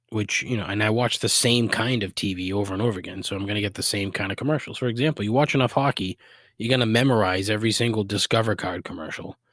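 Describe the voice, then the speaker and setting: A man from the Boston area hosts a solo podcast, griping with profane exasperation and sarcastic asides in his Boston accent. His voice is fairly low and a bit bright, recorded with clean studio sound and no room ambience.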